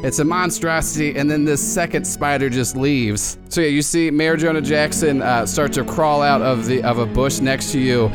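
A man runs a tabletop game, describing scenes in a loose, rambling way that keeps cracking into laughter. Loud music plays behind his voice. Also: fairly high pitch, steady tone, normal speed, hardly any pauses. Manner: giggly, rambling narration. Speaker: game master.

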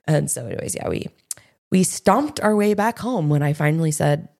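Low gravelly woman cohost, rambly storytelling, casual chat. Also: lively intonation, normal speed, mellow. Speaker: podcast co-host.

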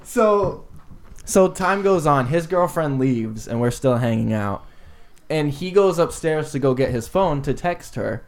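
A man's voice: a little high, lively intonation, measured pace, darkish tone. Laughing young man telling a prank story. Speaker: podcast co-host. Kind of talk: casual storytelling.

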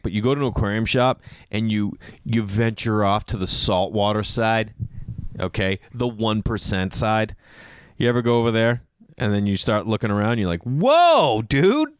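Animated man rambling casually, dry sound. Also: clean tone, dry recording. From Boston. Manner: animated, swings pitch into excited outbursts. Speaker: podcast host answering a listener.

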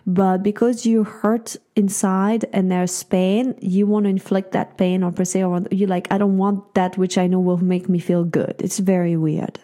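Mellow-voiced female podcast co-host. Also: mid-range voice, level tone, normal speed, hardly any pauses. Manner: acts out quoted lines in a raised voice. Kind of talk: casual storytelling chat.

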